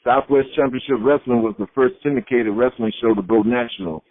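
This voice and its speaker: A man's voice: mid-range voice, a little fast, dry recording. A middle-aged man from Florida, a retired wrestler, telling his stories in a shoot interview and acting out the voices of people he quotes. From Florida, USA. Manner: lively storyteller who acts out quoted voices. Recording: tinny phone-like line, dry.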